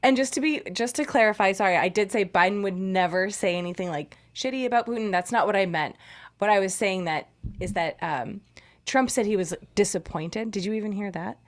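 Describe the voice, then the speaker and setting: A woman's voice: mid-range voice, brisk. A woman guest in a casual podcast chat, talkative and explaining herself, acting out voices when she quotes people.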